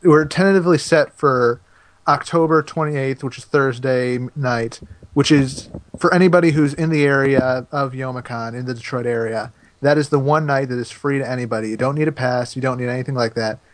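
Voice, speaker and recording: A man's voice: medium pitch, fairly even intonation. Wry, jokey guy on a podcast. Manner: wry, jokey, then brisk announcer-like. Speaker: podcast co-host. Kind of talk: casual gaming podcast chat.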